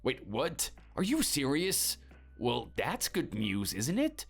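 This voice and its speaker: A man voicing a busy, dismissive husband, speaking impatiently over soft music. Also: medium pitch, huge pitch swings, slow pace, vocal fry, heavily acted. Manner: impatient and brushing off. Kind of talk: animated story voice acting.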